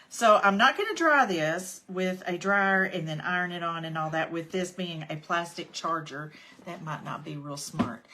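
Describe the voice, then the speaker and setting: A woman's voice: fairly low pitch, sharp tone. A woman demonstrating a craft project on a livestream, chatting and greeting her viewers by name between steps. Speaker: craft tutorial host. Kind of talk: casual livestream craft demo.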